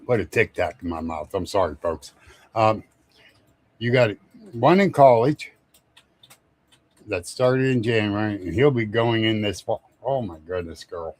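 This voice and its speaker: A man from Ohio chats through a casual live stream in a lowish voice. He takes his time, drifting from one thought to the next and chuckling between greetings to his viewers. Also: lively intonation, unhurried, long pauses. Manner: rambling, chuckles often, greets chat viewers by name. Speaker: livestream host.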